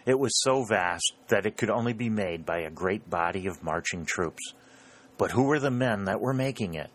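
A man reading a novel aloud as an audiobook narrator, with a steady, measured storytelling delivery. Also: fairly low pitch. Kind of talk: scripted narration of a historical war novel.

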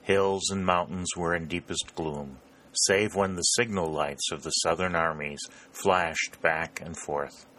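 A man reading an audiobook aloud with steady, clear storytelling. His voice is very low and deep, with a bright, forceful ring to it. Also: measured pace, a little hiss or hum. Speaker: audiobook narrator. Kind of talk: scripted narration.

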